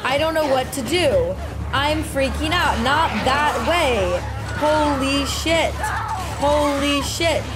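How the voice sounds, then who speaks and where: Woman streamer yelling reactions over loud game music, unhurried delivery. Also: high voice, a crowd in the background. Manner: panicky, exclamatory, talks to viewers. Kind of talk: live gameplay reactions. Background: game music and sounds.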